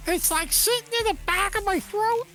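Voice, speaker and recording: Squeaky nasal werewolf. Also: male voice, moderate pace, pushed and bright, soft background music. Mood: complaining. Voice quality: nasal, whiny. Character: cursed male werewolf forced into a squeaky whiny voice. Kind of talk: tabletop role-play.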